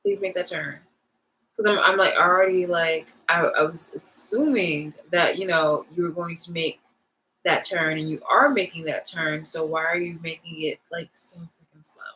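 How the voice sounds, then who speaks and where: Animated young woman ranting to camera. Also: lowish voice, moderate pace, a little hiss or hum, poor audio. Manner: rambling, animated, lots of fillers. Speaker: vlogger. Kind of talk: casual storytime rant.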